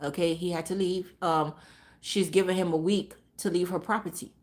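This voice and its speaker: A woman telling a story on her vlog in a blunt, profane, animated rant. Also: lowish voice, moderate pace. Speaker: vlogger.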